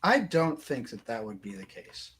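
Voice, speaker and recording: A man's voice: medium pitch, big pitch swings, moderate pace, fairly bright tone, slightly rough. A man co-hosting a casual panel chat over a video call, joking and rambling. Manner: joking, rambling, laughs often. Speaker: co-host.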